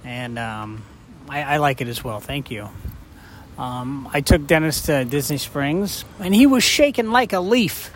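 A man's voice: on the high side, animated, a little slow, a little hiss or hum. Rambling, joking middle-aged man. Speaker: podcast co-host. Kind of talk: casual chat.

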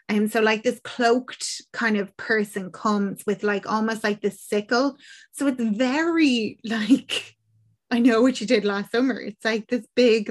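Chatty Irish woman recapping a film. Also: a little high. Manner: animated storytelling, lots of "like". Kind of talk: casual film recap chat.

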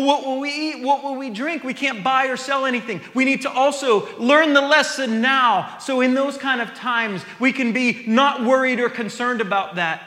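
A man's voice: high-pitched, sharp tone, echoey room, in a large hall. A man preaching a sermon, reading scripture aloud and then explaining it in a conversational way.

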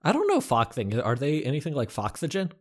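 A man's voice: a little high, wildly swooping pitch, brisk, darkish tone. A man co-hosting a casual podcast, keeping score and adding dry wisecracks.

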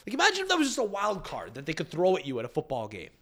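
A man's voice: sits high, huge pitch swings, very fast, a bit bright. A young man hosting a podcast, riffing casually with crude profanity and rambling restarts. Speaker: podcast host.

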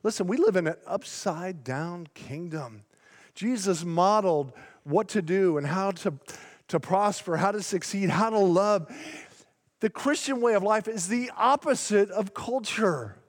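A male pastor preaching a sermon in a church, emphatic and slowing down to stretch out key words. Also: high voice. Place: church sanctuary. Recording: long hall reverb in a large sanctuary.

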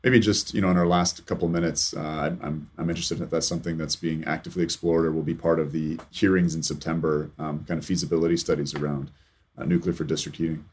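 A man from Canada with a very deep, husky voice hosts an interview. He talks quickly. His questions are thoughtful and probing. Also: fairly even intonation, a little mellow. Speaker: interview host.

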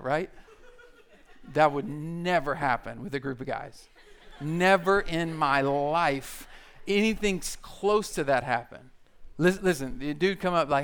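A male pastor preaching a conversational sermon, joking and animated as he talks to the congregation. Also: on the high side, a little fast, smooth.

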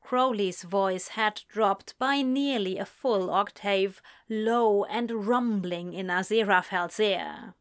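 A woman narrating a story in a slow, measured reading voice. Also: medium pitch. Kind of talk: fan fiction reading.

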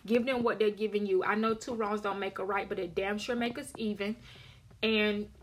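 A woman's voice: mid-range voice, steady tone, normal speed, slight background noise. A woman vlogger telling a story to her viewers in a candid, emphatic, sassy way with casual swearing. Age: adult with a daughter.

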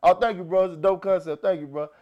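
A high-pitched man with a Southern accent chats on his podcast in a loose, excitable way. He laughs often and restarts his sentences as the thoughts tumble out. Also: fast, muffled recording. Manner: animated, laughing, many restarts and fillers. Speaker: podcast host. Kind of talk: casual podcast chat.

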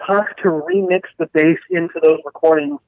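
Thoughtful guest on a dull, lo-fi line. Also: male voice, a little high, normal speed, creaky, no room sound. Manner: thoughtful, articulate. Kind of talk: casual chat.

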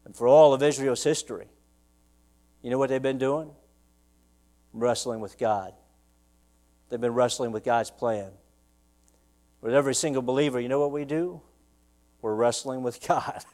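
A male pastor preaching a sermon in church, acting out anguished prayers with his voice climbing sharply, then dropping low to explain. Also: moderate pace, pauses often, darkish tone. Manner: preaching with dramatic acted-out prayers, voice rising sharply when quoting.

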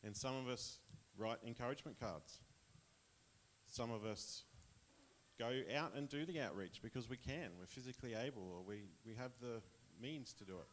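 A man's voice: mid-range voice, moderate pace, a little hiss or hum. An Australian man casually sharing a personal testimony with his church, chatty and rambling, often laughing.

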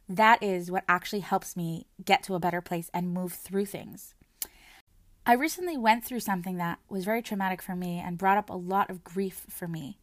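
A woman speaks in an earnest, soft-spoken way, reflecting on her own experience. Her sentences often double back as she repeats words and restarts phrases. Her voice sits at a middling pitch, and the recording is dry and close. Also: dry recording. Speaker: mother sharing her personal experience. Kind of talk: reflective personal talk.

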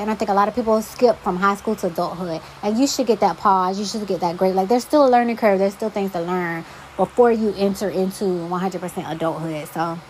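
A woman's voice: mid-range voice, a little hiss or hum, poor audio. A young adult woman hosting a solo podcast, talking casually with emphatic, exasperated asides. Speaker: podcast host.

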